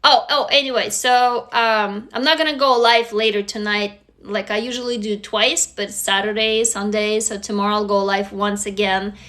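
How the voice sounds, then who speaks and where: Bright-voiced Russian-accented woman livestreaming. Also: medium pitch, steady tone, moderate pace, hardly any pauses. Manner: chatty, swears casually, greets viewers. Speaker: livestream host. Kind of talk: casual live-stream chat. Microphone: phone.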